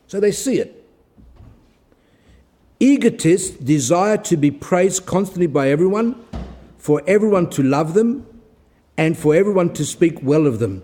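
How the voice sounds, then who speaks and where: Middle-aged priest guy preaching, warm mellow tone, earnest storytelling. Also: on the high side, expressive, a little slow, pauses often. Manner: earnest storytelling, acts out quoted exchanges. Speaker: Orthodox priest. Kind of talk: sermon-style talk.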